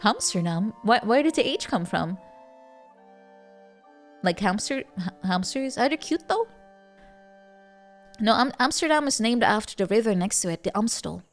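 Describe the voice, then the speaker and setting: A woman's voice: medium pitch, animated, moderate pace, pauses often, faint music behind. A woman streaming a strategy game, chatting playfully and reacting animatedly, often repeating words as she stammers and laughing between remarks. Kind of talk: casual live game-stream chat.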